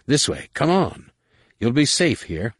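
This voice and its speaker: A man's voice: medium pitch, sing-song, measured pace, breathy edge, no room sound, clean studio sound, pitched above the performer's own voice. A man voicing an eager young man who keeps urging his older brother to follow him. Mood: urgent coaxing. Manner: urgent, coaxing.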